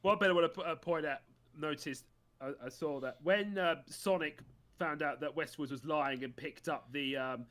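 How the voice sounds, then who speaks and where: A man with a somewhat high voice joins a casual podcast chat. He throws in quick joking asides. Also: fairly bright tone.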